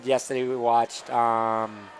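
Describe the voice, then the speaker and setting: A man's voice: medium pitch, flat delivery, slow pace. A man from Massachusetts co-hosting a gaming live stream, chatting casually and giving opinions with lots of fillers.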